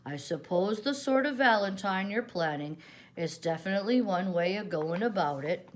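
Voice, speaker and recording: Older woman doing a slow, gloomy donkey. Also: expressive, slight background noise, lightly acted. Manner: slow, rumbling and glum.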